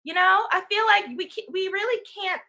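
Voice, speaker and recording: Bright-voiced young woman telling a story. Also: very high-pitched, moderate pace. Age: 20s. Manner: animated, acts out quoted voices. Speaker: panelist. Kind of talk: casual storytelling on a talk panel.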